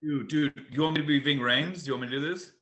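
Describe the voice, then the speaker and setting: A man's voice: on the high side, fast talker, highs cut off. A man chatting casually on a video call, laughing and trading celebrity impressions. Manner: laughing, playful, breaks into loud impressions.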